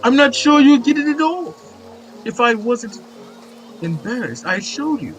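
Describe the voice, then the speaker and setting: A man's voice: very high-pitched, big pitch swings, unhurried, faint music behind, voice pushed up, exaggerated voice, rough recording. A man voicing a fussy middle-aged male newspaper seller who talks in a theatrical, wordy way while reading game dialogue aloud. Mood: chatty.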